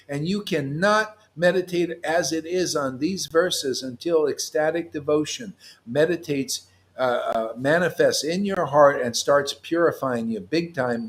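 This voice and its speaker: A man leading an informal devotional talk, reading scripture aloud, explaining it playfully and laughing often. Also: on the high side. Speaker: spiritual teacher.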